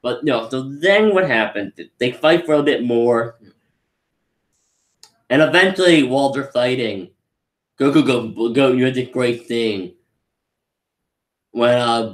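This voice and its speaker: An excitable man gives a casual live review of an anime film, and he keeps restarting his sentences. His voice sits at a middle pitch, and it rings in an echoey room. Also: slow pace, pauses often. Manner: rambling, excitable, lots of restarts.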